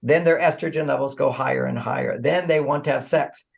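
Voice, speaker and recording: A man speaking as an author guest in a podcast interview. He is animated, chuckles often and repeats words as he restarts his sentences. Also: mid-range voice, a little fast, gravelly. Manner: animated, acts out dialogue, frequent chuckles.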